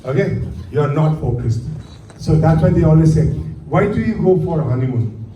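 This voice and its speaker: A man lectures a class on flying, quizzing his students with rhetorical questions. His voice is mellow and dark yet fairly high, and it comes from some distance across an echoey room with a faint hum behind it. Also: lively intonation, moderate pace. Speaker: aviation instructor.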